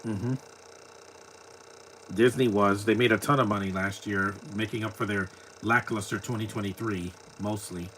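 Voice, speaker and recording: A man's voice: on the low side, fairly even intonation, normal speed, a bit bright, a little hiss or hum. A man talking casually through a live movie commentary, tossing out blunt, opinionated asides.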